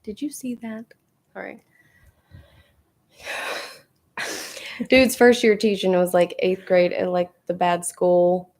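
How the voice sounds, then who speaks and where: A woman's voice: fairly low pitch, flat delivery, slow pace, long pauses, darkish tone. A young woman hosting a casual chat, rambling with lots of fillers and frequent laughs. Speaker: podcast host.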